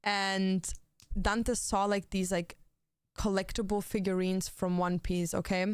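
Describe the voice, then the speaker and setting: A woman's voice: mid-range voice, level tone, unhurried, clear, resonant tone, no room sound, clean studio sound. A young woman streaming, chatting casually while she plays, blunt and swearing freely with lots of fillers. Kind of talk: casual chat while gaming.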